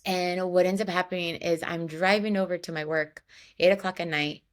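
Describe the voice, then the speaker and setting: A woman with a lowish voice, steady in tone and at normal speed, hosts a personal podcast. She tells a candid, emotional story in a chatty way, full of "like" and "you know."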